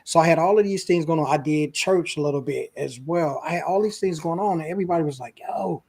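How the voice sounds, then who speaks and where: A man's voice: a little high, quick pace, darkish tone. Earnest man telling his story. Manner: earnest, emotional, casual speech with "man" fillers. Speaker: guest. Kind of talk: candid personal storytelling.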